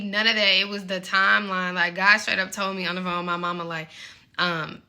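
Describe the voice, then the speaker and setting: Bright-voiced young woman, slightly breathless. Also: fairly low pitch, little pitch movement, brisk, clear, resonant tone. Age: 20s. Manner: candid, earnest, encouraging, many "like" fillers. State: a little out of breath. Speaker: faith vlogger. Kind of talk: casual faith talk to viewers.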